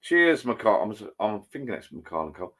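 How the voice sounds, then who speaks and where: A man's voice: lowish voice, big pitch swings, brisk, fairly bright tone. An older man hosting a casual livestream from his home bar, chatty and rambling, reading viewer comments aloud. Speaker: livestream host. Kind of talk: casual live chat.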